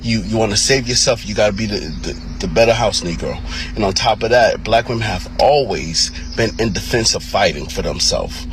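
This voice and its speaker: A man's voice: lowish voice, lively intonation, moderate pace, noisy background. A man giving emphatic, repetitive commentary with many restarts.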